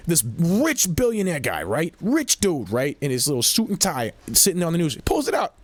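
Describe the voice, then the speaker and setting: Casting: a heated man reacting to clips with slangy, repetitive rants, a lively up-and-down voice on a dry, close mic. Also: on the high side, moderate pace, dry recording. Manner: animated, slangy, repeats himself when worked up. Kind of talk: heated casual commentary.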